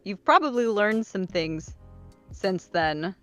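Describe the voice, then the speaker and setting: A woman hosting a casual interview who reacts often and chimes in gently. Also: mid-range voice, animated, slow, soft background music. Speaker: host.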